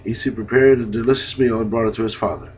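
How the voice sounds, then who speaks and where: A man narrating scripture in a steady, measured reading, in a dull lo-fi recording. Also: lowish voice, a little hiss or hum. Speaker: Bible reader.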